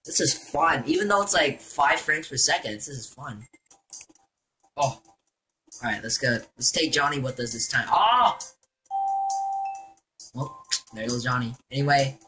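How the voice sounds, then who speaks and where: A young man giving excitable, jokey commentary while playing a video game. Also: medium pitch, measured pace, pauses often, soft background music. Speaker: gaming YouTuber. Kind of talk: gameplay commentary.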